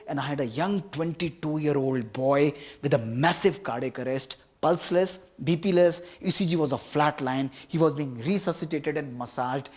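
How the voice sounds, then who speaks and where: A middle-aged man with an Indian accent, a heart doctor telling a story to an audience and acting out the dialogue with dramatic rises and drops. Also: a little high. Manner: dramatic, acts out dialogue with rising and falling emphasis. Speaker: cardiologist giving a talk.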